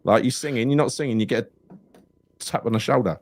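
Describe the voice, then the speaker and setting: Talking fast in a mid-range voice, this football podcast co-host spins stories live, with plenty of swearing and frequent laughter.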